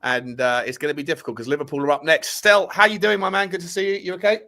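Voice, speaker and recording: A man's voice: fairly high pitch, flat delivery, fast talker, sharp tone. A man hosting a casual fan podcast, chatty and upbeat with plenty of banter. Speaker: podcast host.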